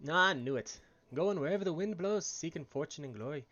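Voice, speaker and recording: A man's voice: on the high side, expressive, brisk, a bit bright, dull audio, faint music behind. A man voicing a chatty, folksy male merchant aboard a ship, reading game dialogue with a wobbly attempt at an Irish accent. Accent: attempted Irish, drifting. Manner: folksy, slangy, wavering accent.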